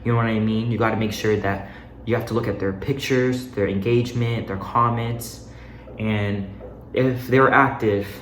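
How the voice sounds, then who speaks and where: A man's voice: on the low side, fairly even intonation, normal speed, a bit bright. A young man giving casual modeling advice while walking around a room, a little out of breath, chatty with loose restarts. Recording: echoey room, faint noise.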